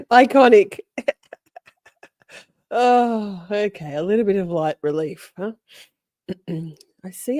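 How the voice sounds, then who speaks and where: A woman's voice: medium pitch, slow, long pauses, mellow, no room sound, studio quality. A woman hosting a livestream, chatting casually with her viewers in a playful, mock-offended way and laughing often. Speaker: livestream host commenting on a trial. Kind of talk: casual chat to a live chat.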